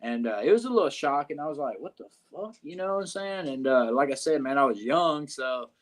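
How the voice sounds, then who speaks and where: A man's voice: medium pitch, lively intonation, brisk. A man with a Southern US accent telling a locker-room story in a podcast interview, cursing often and rambling with fillers. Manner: profane, rambling, frequent "uh" and "you know what I'm saying". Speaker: wrestler guest.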